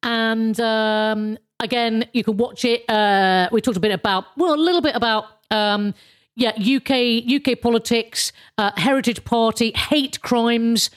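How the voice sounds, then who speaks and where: Speaking in an unhurried, fairly high voice, the show's host loosely runs back over her episode. She wanders and gets sardonic, with plenty of fillers and false starts.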